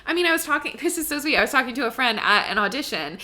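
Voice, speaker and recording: A woman's voice: high-pitched, big pitch swings, very fast, sharp tone. A young adult woman hosting a podcast, talking casually and emphatically about money, filling her speech with "like" and "right?" and swearing freely. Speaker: podcast host and money coach.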